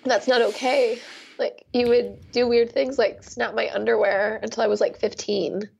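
A woman as a therapy client, speaking in halting, raw, emotional bursts. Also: on the high side, fairly even intonation, creaky, darkish tone, slight background noise.

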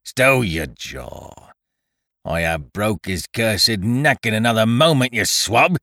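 A brutal pirate leader growls and roars his threats, voiced by a man reading a story aloud. The voice sits very low yet swings widely in pitch, with a bright, forceful edge. The delivery is slow and heavy. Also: expressive, dry recording, clean studio sound, full character voice. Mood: menacing. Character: brutal, bruised male pirate leader, gruff and menacing. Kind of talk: audiobook character voice.

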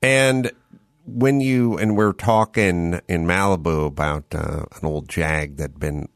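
A man's voice: low voice, takes it slowly, no room sound. A man hosting a casual talk show, riffing in a rambling, conversational way. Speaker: podcast host. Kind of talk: casual chat.

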